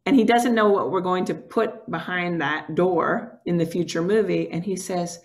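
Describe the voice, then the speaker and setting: A woman's voice: on the low side, normal speed, hardly any pauses. An earnest woman guest recounts personal stories in a candid, conversational way. Her talk is loose and full of "like" fillers. The sound comes from a video call. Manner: earnest, emotional, many "like" fillers. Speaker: documentary filmmaker guest.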